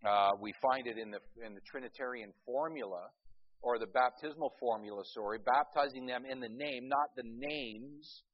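A man's voice: medium pitch, lo-fi sound. A man preaching a sermon in a loose, conversational storytelling way, often stopping to restart his sentences.

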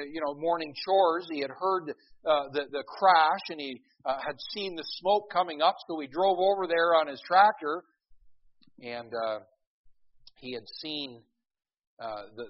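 A middle-aged pastor preaching a sermon in a folksy, storytelling way, with many restarts and emphatic peaks. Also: male voice, a little high, a little hiss or hum. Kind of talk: sermon with a humorous opening story. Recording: dull lo-fi recording.

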